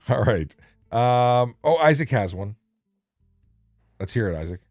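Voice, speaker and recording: A man's voice: medium pitch, darkish tone, dry recording, clean studio sound. Chatty man hosting a late-night stream. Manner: chatty, joking, easily laughing. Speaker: show host. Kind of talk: casual livestream chat.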